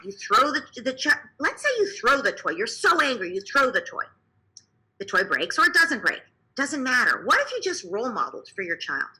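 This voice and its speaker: A woman clinical psychologist explaining parenting to listeners in an animated way, asking them to imagine scenes. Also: a little high, rough recording. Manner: animated, often acts out quoted speech.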